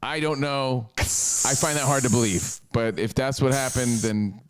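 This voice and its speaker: A man co-hosting a podcast, chatting in excitable, casual banter. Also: mid-range voice, a little slow, clear, resonant tone. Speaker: co-host.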